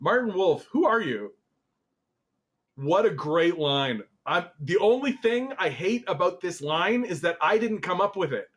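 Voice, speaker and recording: A Canadian man with a high voice hosts a political commentary show, reading an article aloud and reacting to it with animated, exasperated swearing.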